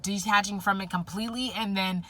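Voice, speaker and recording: A woman's voice: medium pitch, fairly even intonation, a little fast, bright, forceful tone, no echo. A woman giving a spiritual pick-a-pile tarot reading, rambling and emotional as she thinks aloud with many fillers. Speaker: tarot reader.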